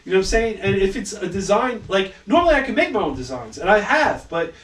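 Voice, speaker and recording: Animated storytelling man in an echoey room. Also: high-pitched, quick pace. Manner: animated storyteller, acts out quotes, swears freely. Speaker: podcast co-host. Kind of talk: casual chat. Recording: echoey room, mic at a distance, faint hiss.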